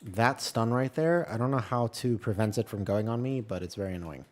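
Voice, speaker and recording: A man streaming a game, chatting casually in a tired, halting way and clearing his throat often. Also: on the low side. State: tired, yawning. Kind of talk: casual gameplay chat.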